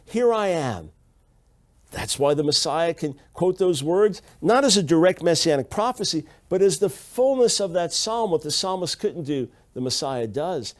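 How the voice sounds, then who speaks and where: Man, Bible teacher, emphatic, slightly high voice, repeats key phrases, reads Hebrew. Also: expressive, moderate pace. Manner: reads Hebrew passages aloud.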